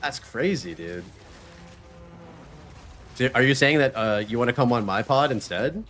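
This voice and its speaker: A man's voice: medium pitch, fairly quick, fairly bright tone, faint music behind. A man hosting a live stream, chatting loosely and swearing freely while he plays a game and talks about his podcast. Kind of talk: casual live-stream chat while gaming.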